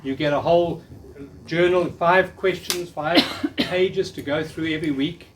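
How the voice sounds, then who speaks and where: A man in his fifties leads a live workshop, coaxing the room to repeat affirmations with feeling. His voice sits a little high for a man and sounds set back from the mic, with a faint hiss underneath. The delivery is earnest and encouraging. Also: a little slow, recorded from a distance. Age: 50s. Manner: earnest, coaxing, leads audience call-and-response. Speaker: workshop speaker. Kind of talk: live spiritual talk to an audience.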